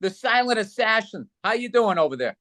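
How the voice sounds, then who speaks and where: A man's voice: high voice, very animated, a little fast, pushed and bright, no room sound. A man co-hosting a casual sports podcast, ranting bluntly with heavy profanity and teasing his co-hosts. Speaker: podcast co-host.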